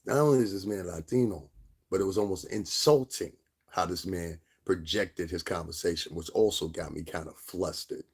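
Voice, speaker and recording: Deep gravelly dude ranting, cussing a lot, lecturing his viewers. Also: normal speed. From Connecticut. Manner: profane, preachy, mimics others in high voice. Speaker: vlogger. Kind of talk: angry storytelling rant.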